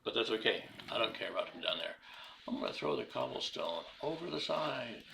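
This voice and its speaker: A man's voice: low voice, animated, fast talker, creaky, background noise. A man streaming a video game live, chatting casually as he talks through each move and greets his viewers by name. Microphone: desktop streaming mic.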